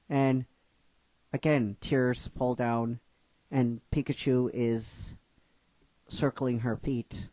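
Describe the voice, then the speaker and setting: A man retelling a fan-written story in an emotional storytelling recap, halting and restarting his phrases. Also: medium pitch, fairly even intonation, mellow, no room sound, rough recording. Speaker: narrator retelling a fan script.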